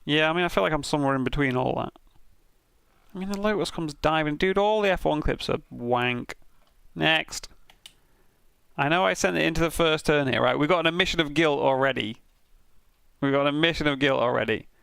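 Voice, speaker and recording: Gravelly, sweary British man. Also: on the high side, fairly quick, fairly bright tone, dry recording. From Britain. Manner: sweary, rambling banter with frequent laughs. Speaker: streamer. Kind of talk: casual commentary reviewing racing incident clips.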